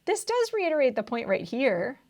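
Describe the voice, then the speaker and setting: Woman test-prep tutor, slightly high voice, animated explainer. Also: normal speed. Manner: animated, thinks aloud, often checks with "right?". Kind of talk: explaining test questions on video.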